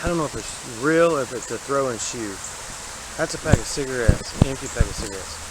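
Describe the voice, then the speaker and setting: A Southern-accented man chats in a loose, folksy ramble, thinking out loud about each thing he spots. His voice sits at an ordinary pitch for a man. Running water and outdoor sound come through clearly on his handheld camera mic. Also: expressive, fairly quick, heavy background noise. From Alabama. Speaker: vlogger exploring a creek. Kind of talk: casual walking narration. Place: outdoors wading in a city creek.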